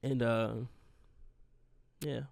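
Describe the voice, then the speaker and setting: A man's voice: medium pitch, steady tone, extremely slow, gravelly, darkish tone, dry recording. A man in his twenties hosting a podcast, telling a rambling, profane, grieving story in a casual monologue. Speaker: podcast host.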